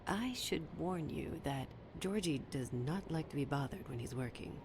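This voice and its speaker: Low breathy hostess at a club, hushed and seductive, noisy game audio. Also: female voice, animated, moderate pace. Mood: sultry. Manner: soft, sultry, half-whispered. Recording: game audio with clear background noise.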